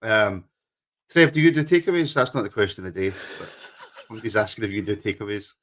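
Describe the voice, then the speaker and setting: A man's voice: fairly low pitch, fast talker, fairly bright tone. A man co-hosting a casual podcast chat, teasing his co-host in joking banter.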